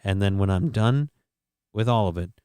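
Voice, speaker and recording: A man's voice: on the low side, moderate pace, warm tone, clear, resonant tone, no room sound, clean studio sound. A man hosting his own live-stream show, reading news items aloud and riffing on them in a profane, rambling way. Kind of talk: casual live-stream commentary.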